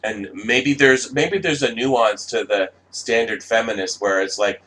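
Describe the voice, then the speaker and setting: A man with a fairly low voice rants on camera, rambling and swearing freely. He stumbles through restarts and fillers as his points pile up. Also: unhurried, hardly any pauses, sharp tone, rough recording. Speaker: vlogger. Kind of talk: ranting monologue.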